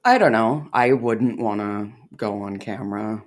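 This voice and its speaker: Woman reaction host, unhurried, dry teasing delivery, casual chat. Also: very deep voice.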